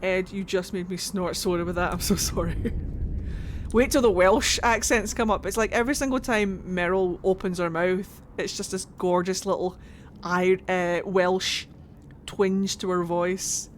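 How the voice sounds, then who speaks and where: A woman's voice: lowish voice, fairly even intonation, a little slow, a little hiss or hum. A woman streaming a game, chatting and rambling about what is on screen. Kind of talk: casual game commentary.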